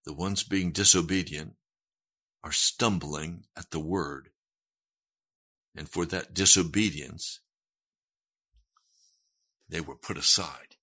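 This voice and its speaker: Male pastor preaching slowly with a husky, bright edge, earnest and emphatic. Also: deep voice. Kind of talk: sermon.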